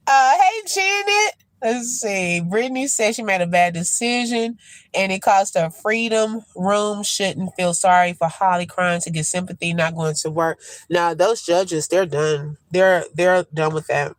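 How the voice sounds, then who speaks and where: A woman hosting a casual live commentary, talking to viewers in an unhurried, chatty way and calling them y'all and child. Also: on the low side, dry recording. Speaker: host reacting to news.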